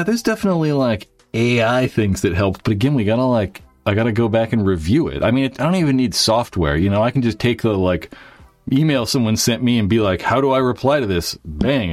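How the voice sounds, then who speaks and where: Rambling, lively man on a livestream. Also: fairly low pitch, no echo. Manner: rambling, swears, many filler likes. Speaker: YouTube channel host. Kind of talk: casual livestream chat.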